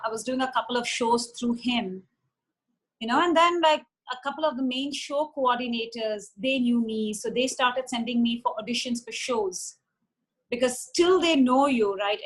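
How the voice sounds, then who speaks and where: A woman tells a long story in a chatty, animated way, slipping into other people's voices. Her voice sits a little high. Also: poor audio. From India. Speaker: interview guest, former model. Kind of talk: casual storytelling.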